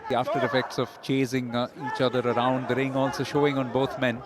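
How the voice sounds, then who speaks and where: A man commentating live on a boxing bout, giving measured, analytical play-by-play. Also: mid-range voice, little pitch movement, a loud crowd.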